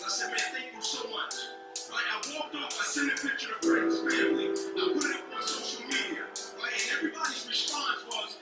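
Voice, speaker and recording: A man telling a story as a motivational speaker, building to passionate shouts. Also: extremely high pitch, fairly even intonation, a little fast, distant mic. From Atlanta, Georgia. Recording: echoey hall from afar with loud music.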